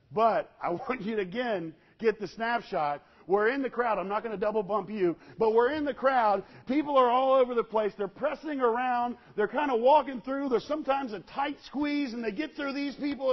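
A male preacher with a high-pitched voice tells his story with great animation. He swings from loud bursts down to quiet, hushed passages. The recording is dull and lo-fi, as if taken from a church sound system. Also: moderate pace. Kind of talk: sermon.

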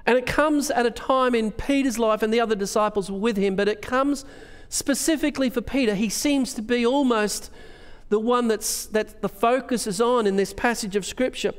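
An Australian pastor preaching a sermon, his high, smooth, resonant voice carrying long reverb through a church hall. He asks earnest questions and reads scripture aloud. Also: moderate pace.

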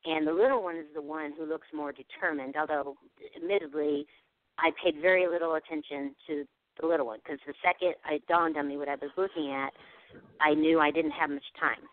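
A woman's voice: low voice, a little fast, dry recording. Woman telling a story over a tinny phone line. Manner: animated, acts out quoted dialogue. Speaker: guest telling an encounter story. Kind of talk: casual storytelling on a radio show.

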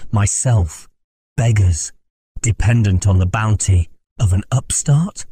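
A man's voice: on the low side, dark tone, slightly rough, dry recording, studio quality. A man reading an audiobook, voicing a stern, proud noblewoman who commands her son. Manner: stern, imperious. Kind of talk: audiobook character voice.

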